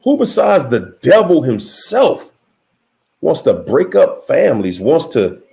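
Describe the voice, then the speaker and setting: A man hosting a motivational livestream, talking emphatically and straight to his viewers, swinging between high exclaims and low murmurs. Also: wildly swooping pitch, unhurried, creaky, dark tone. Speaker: livestream host.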